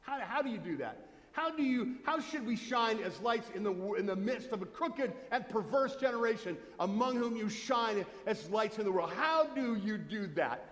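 A man's voice: sits high, animated, moderate pace. A man preaching a sermon as pastor, conversational, with joking asides and questions to the congregation. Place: church sanctuary. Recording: long church hall reverb.

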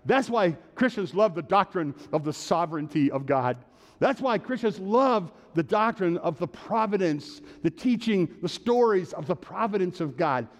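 Man preaching, animated, call-and-response, high voice, reverberant church. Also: normal speed. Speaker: pastor. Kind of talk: sermon.

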